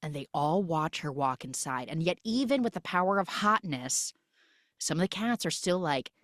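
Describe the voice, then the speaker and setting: A woman hosting a podcast, retelling a film with jokey, animated storytelling on a close mic. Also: low-pitched, normal speed, no room sound. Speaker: podcast host. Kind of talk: comic film recap.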